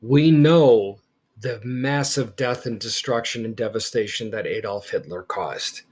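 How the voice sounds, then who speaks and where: A man teaching history in a podcast lecture, speaking emphatically and deliberately and stressing key words. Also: mid-range voice, darkish tone, breathy edge.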